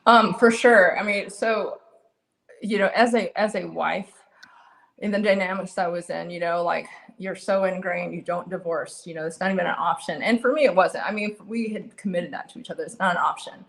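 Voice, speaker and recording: A middle-aged woman giving a candid personal testimony as an interview guest, earnest and halting with frequent restarts. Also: fairly low pitch, vocal fry.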